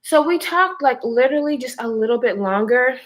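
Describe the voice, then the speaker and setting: A pregnant woman chatting to her viewers, telling a personal story in a lively, expressive way. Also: sits high, moderate pace. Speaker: vlogger. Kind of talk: casual storytime chat.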